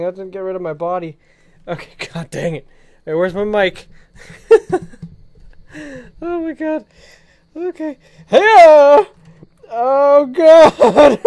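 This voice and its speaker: A young man giving excited let's-play commentary, giggly and bursting into shrieks and laughter. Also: high voice. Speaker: gaming video creator.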